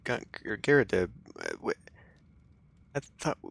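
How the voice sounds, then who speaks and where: Wry gravelly let's-play man. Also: mid-range voice, a little slow. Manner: wry, laughing asides. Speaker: let's play host voicing the game. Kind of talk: casual gameplay commentary.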